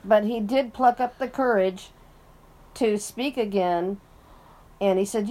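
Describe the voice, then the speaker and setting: A woman co-hosting a casual book discussion, thinking aloud with pauses and fillers. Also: medium pitch, mellow.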